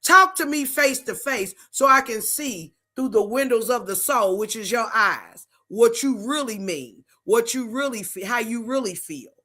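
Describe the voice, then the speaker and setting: A woman's voice: fairly high pitch, animated, measured pace, hardly any pauses, sharp tone. A middle-aged woman hosting a faith-based talk show, talking in an emphatic, preachy, conversational way. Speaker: host.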